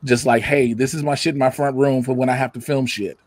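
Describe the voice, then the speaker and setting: A man chatting casually from his home setup, telling animated stories, loudly acting out quotes and swearing freely. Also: mid-range voice, fairly quick, no room sound. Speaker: guest. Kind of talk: casual chat. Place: home room with a computer setup. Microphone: computer mic or camera.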